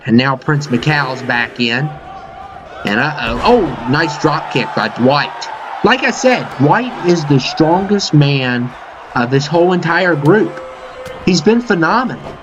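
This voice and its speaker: A man with a fairly high voice calls the action of a wrestling video game in an excitable, rambling way, dropping fillers and sudden "uh-oh"s. The recording is dull and lo-fi. A loud game crowd roars behind him over steady noise. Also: unhurried. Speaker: play-by-play commentator for a video game wrestling show. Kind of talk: casual wrestling commentary over gameplay. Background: video game arena crowd noise.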